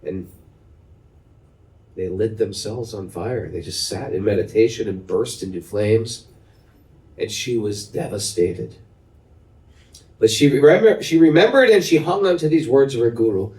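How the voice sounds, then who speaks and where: A man giving a spiritual storytelling talk in an animated, humorous manner, laughing often, in a roomy recording made from a distance. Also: fairly low pitch, a little slow, pauses often. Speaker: spiritual teacher.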